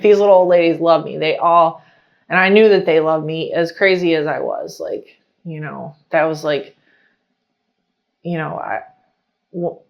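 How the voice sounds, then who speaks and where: A young adult woman sharing her personal story in casual talk, chatty and animated, full of fillers as she retells scenes. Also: low-pitched, gravelly, lo-fi sound. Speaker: interviewee.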